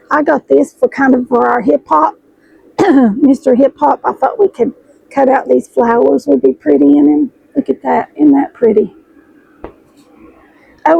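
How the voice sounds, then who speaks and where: A middle-aged woman, chatting excitedly to her viewers as she unboxes fabric, her voice hoarse and froggy. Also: high voice, phone-quality sound. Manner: chatty, gushing, addresses viewers as y'all. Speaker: sewing vlogger host. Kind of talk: casual chat while unboxing fabric.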